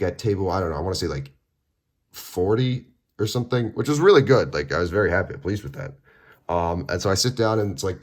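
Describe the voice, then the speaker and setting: A young man casually retelling a tournament, full of fillers, acting out both sides of each exchange. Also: low-pitched. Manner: rambling, filler-heavy, acts out both sides of conversations. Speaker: card game player recapping a tournament. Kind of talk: casual storytelling vlog.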